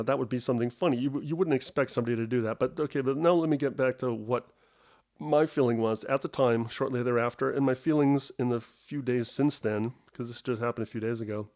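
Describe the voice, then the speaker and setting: A man's voice: mid-range voice, a little fast, darkish tone. A middle-aged man hosting a solo podcast from home, telling a story in a rambling, self-interrupting, wry and self-mocking way. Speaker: podcast host.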